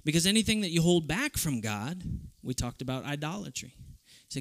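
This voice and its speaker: A man from South Texas preaches to a youth group with a somewhat high voice. He tells funny stories, acting out the people in them, then drops to soft, earnest reflection. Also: moderate pace. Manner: animated, humorous, acts out quoted voices. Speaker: youth camp speaker. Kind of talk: youth sermon with storytelling.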